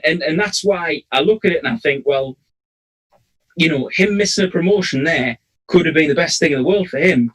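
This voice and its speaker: A man's voice: a little high, fairly bright tone, poor audio. A man, co-hosting a casual referee chat and telling a long rambling story with many restarts. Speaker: referee, podcast co-host.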